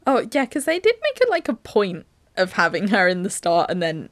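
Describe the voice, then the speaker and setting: A woman's voice: medium pitch, huge pitch swings, normal speed, no room sound. A woman co-hosting a podcast, chatting casually as she walks through a film's scenes, with lots of "like" in her speech. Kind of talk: casual chat recapping a film.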